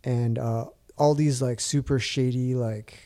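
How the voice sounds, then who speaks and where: A man's voice: medium pitch, fairly even intonation, a little slow, mellow. A man in his thirties casually telling a long story, rambling with lots of fillers and restarts. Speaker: guest.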